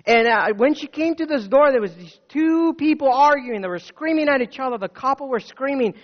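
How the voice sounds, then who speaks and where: A man preaching a sermon with dynamic swings between loud urging and hushed words, telling stories with acted quotes. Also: extremely high pitch, expressive, a little fast. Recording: dull sound with long hall reverb.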